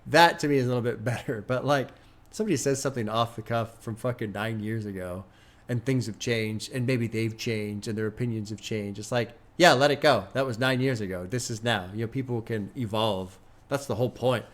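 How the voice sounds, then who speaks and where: A man with a mid-range voice talks fairly quickly as he streams his music reactions. He's an adult with a son, whom he mentions, and his casual live-stream commentary is candid, chatty, and profane, breaking into brief rants.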